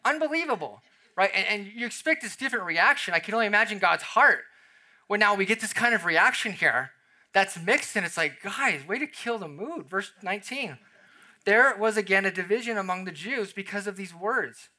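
A man delivers a sermon with a very bright, forceful voice. His tone is animated and conversational, and he acts out small scenes in quoted voices. He sits a little high for a man. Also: brisk. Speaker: pastor.

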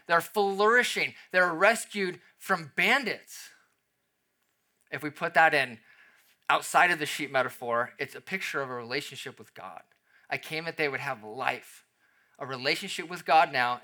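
A young adult man preaching a sermon, dropping to a soft emphasis on key phrases and swinging his loudness up and down. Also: on the high side. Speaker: pastor.

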